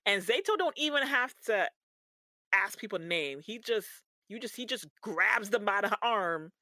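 Podcast lady ranting about a show, slangy, bright and dry sounding. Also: medium pitch, measured pace, no room sound. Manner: animated and slangy, with playful exasperation. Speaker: podcast co-host. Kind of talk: casual chat recapping a show.

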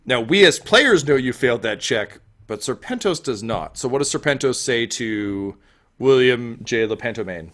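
A man's voice: medium pitch, lively intonation, moderate pace, a bit bright. A man narrating a tabletop game as game master, playful and jokey. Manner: playful, jokey, switching into character voices.

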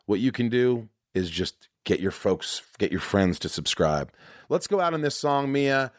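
A man's voice: mid-range voice, lively intonation, unhurried, no echo. A man hosting a podcast in casual chat, talking earnestly and profanely with many restarts, on a studio mic. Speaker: podcast host.

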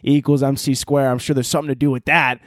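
This podcast host talks fast in a mid-range, level tone, riffing through crude comedy in a casual monologue and stopping himself mid-thought as he rambles. The recording is studio quality with no echo.

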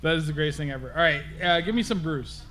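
A man co-hosting a podcast in casual, excitable chat, laughing often. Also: a little high, quick pace, slight background noise. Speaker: podcast co-host.

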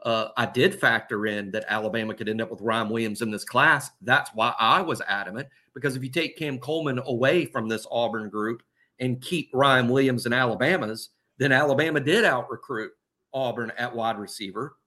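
A man's voice: medium pitch, brisk, bright, forceful tone. A man co-hosting a casual sports podcast, rambling and correcting himself as he concedes a point. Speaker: podcast co-host.

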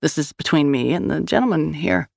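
A woman's voice: low voice, animated, brisk, gravelly, a little mellow, dry recording, clean studio sound, exaggerated voice. A woman voicing a hardened, defiant woman who talks in short, clipped lines.

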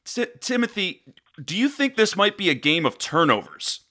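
Excitable man hosting a sports chat. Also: sits high, normal speed, a little hiss or hum. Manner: excitable, swears, leads the discussion. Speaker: podcast host. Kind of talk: casual sports talk.

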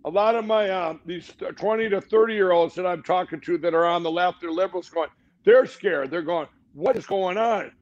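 High-voiced rambling man, dull lo-fi audio. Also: fairly even intonation, a little fast. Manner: rambling, restarts, emphatic. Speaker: guest. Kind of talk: fast rambling interview talk.

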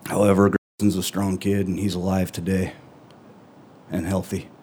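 A middle-aged man telling a true first-person story on stage, earnest and halting, with long pauses between phrases. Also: low voice, little pitch movement, mellow, slight background noise.

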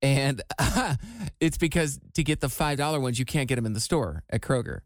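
A man's voice: mid-range voice, lively intonation, moderate pace, no room sound. A man in his forties co-hosts a studio radio show, telling stories with a loose, rambling ease. His voice sits in an ordinary middle range. The sound is close and dry. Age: 40s. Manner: storytelling, laid-back with frequent likes. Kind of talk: casual chat. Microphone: studio microphone.

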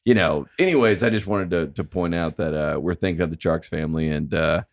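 Man, very low pitch, dry close mic, sports radio co-host losing his voice, easygoing and quick to laugh. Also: dry recording. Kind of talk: casual sports talk.

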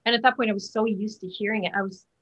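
A woman with a husky, breathy voice talks in a loose, chatty way and keeps restarting her sentences. She speaks as a guest in a casual interview. The sound is muffled and lo-fi. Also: medium pitch, fairly even intonation, very fast, fairly bright tone. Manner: chatty, many fillers and restarts. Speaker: Broadway actor, guest.

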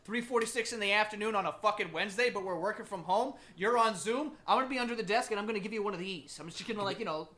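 Young man, podcast co-host, high bright voice, loud crude joking banter, home recording. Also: very fast, few pauses. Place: home room used as a makeshift studio.

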